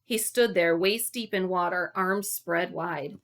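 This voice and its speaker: A woman reading a children's book aloud, telling the story in an expressive, unhurried way. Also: lowish voice. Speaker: reader.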